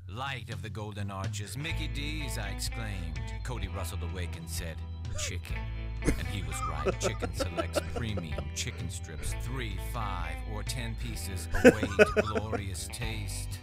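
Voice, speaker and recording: A man voicing a gruff, poetic narrator in a fast food commercial, reading dramatically. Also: lowish voice, sing-song. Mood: dramatic. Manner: dramatic, poetic voice-over over music. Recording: ad with loud guitar music behind. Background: loud guitar music.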